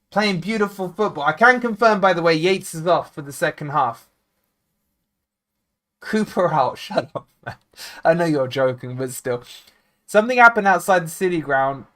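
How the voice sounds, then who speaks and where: High-voiced excitable football fan man. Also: moderate pace, long pauses. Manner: excitable, swings between grumbling and loud cheering; casual, blunt banter with chat viewers. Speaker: football fan channel host. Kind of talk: live match watchalong commentary.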